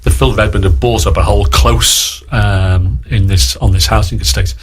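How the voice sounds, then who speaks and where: Husky Liverpool man spinning long yarns. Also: on the low side, fairly even intonation, moderate pace. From Liverpool, England. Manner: rambling storyteller who acts out other people's lines. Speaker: guest actor. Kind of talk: anecdotal radio interview.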